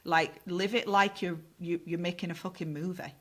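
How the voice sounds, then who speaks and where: A middle-aged woman tells a story on a podcast in a fairly low voice. She talks in a lively, unguarded way and swears freely. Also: normal speed. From north of England. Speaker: podcast guest. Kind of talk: casual storytelling.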